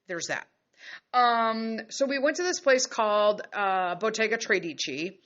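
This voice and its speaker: A woman podcaster from the United States telling a travel story in a blunt, profane, animated way. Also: on the high side, measured pace, highs cut off. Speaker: podcast host. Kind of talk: casual storytelling monologue.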